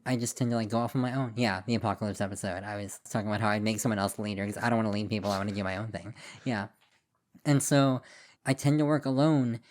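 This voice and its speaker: A man's voice: fairly low pitch, steady tone, fast, a little mellow. Rambling, laughing male podcast host. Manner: rambling, self-deprecating, laughs often. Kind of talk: casual podcast chat.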